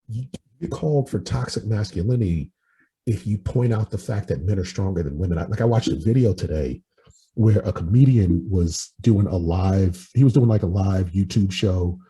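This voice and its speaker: A man's voice: fairly low pitch, mellow, breathy edge, poor audio. A man in his forties talking bluntly in casual podcast chat, giving strong opinions with some swearing. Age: 40s. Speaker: podcast host and life coach.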